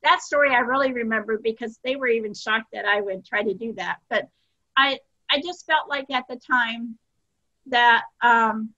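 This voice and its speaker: Earnest older woman, bright high voice. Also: moderate pace, dull audio. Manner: earnest, self-deprecating, meandering. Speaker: interview guest. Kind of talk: casual interview storytelling.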